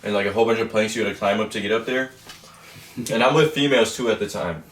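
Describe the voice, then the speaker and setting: A young man with a low voice rambles through an animated story. The room echoes around him. The mic sits some distance away. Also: fast. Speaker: co-host. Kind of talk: casual storytelling chat. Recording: roomy echo, mic at a distance.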